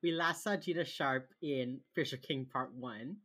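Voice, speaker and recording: Low-voiced, chatty woman podcaster. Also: unhurried, a bit bright. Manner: chatty, frequent "like" fillers, swears casually. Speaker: podcast co-host. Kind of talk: casual chat recapping a TV episode.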